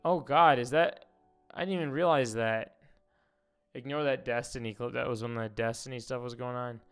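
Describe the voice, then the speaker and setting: A man's voice: medium pitch, fairly even intonation, moderate pace, clear, resonant tone, faint music behind. A man streaming casual commentary, rambling, swearing and reading posts aloud.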